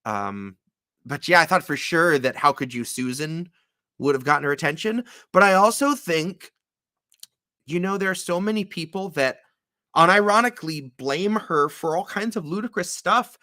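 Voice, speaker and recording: A man's voice: fairly high pitch, expressive, normal speed, bright, forceful tone, no room sound, studio quality. A man co-hosting a casual chat, laid-back and self-mocking, with many fillers. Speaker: musician co-host.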